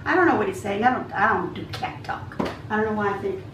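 A woman's voice: medium pitch, quick pace, far from the mic, background noise. A woman telling a long story in a chatty, rambling way while she cooks at home. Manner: chatty, rambling with many asides. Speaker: vlogger. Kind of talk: casual storytelling while cooking. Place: home kitchen. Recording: echoey kitchen, voice from off-mic.

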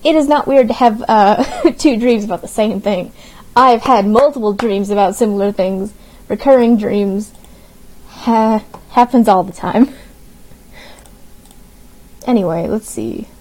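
A woman's voice: mid-range voice, unhurried, pauses often, a little mellow, low-quality recording. A young woman from Arkansas with a light Southern accent, reading a creepy story aloud to viewers on a stream, giggling nervously and breaking in with her own remarks. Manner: giggly, nervous, reacting between read-out lines.

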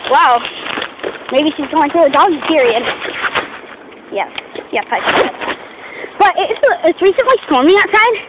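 A woman's voice: high voice, very animated, normal speed, long pauses, heavy background noise. A young woman from the United States, chatting in a rambling, giggly way as she films her own casual vlog. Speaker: vlogger.

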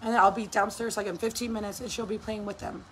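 A woman's voice: mid-range voice, fast, a little hiss or hum. A woman in her thirties, a mother, telling a story in a casual vlog, cursing and acting out what people said. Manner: animated, profane, acts out quotes. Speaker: mother vlogger.

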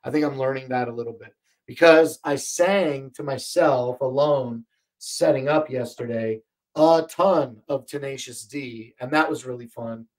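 Speaking at a measured pace in a mid-range voice, this man runs a livestream shopping show out of a home studio. His product talk is loose and filler-heavy, and his voice sounds strained, cracking at times. The desk mic capturing him is placed beyond arm's reach.

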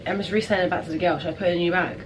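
A woman's voice: on the low side, fairly even intonation, rapid-fire, a little hiss or hum. A young woman with a British accent, chatting upbeat to her viewers in a casual vlog. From England. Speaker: vlogger.

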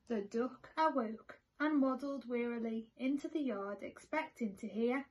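A woman teacher reading a picture book aloud to children in a slow, expressive storytelling manner. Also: on the high side, husky.

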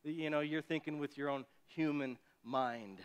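A man preaching a sermon as pastor, animated, often acting out the voices of people he quotes. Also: a little high, unhurried, clean tone.

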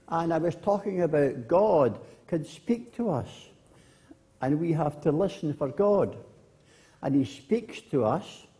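Minister, children's talk, slow and lively in pitch, mellow tone, church. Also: male voice. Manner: slow, gentle storytelling. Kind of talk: children's address.

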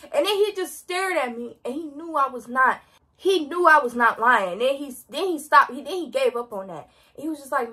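A teenage girl tells a storytime in a high, bright voice that is full of expression. Her delivery is dramatic and slangy, with big swings in pitch. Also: animated, fairly quick. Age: teens. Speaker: vlogger. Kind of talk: storytime vlog.

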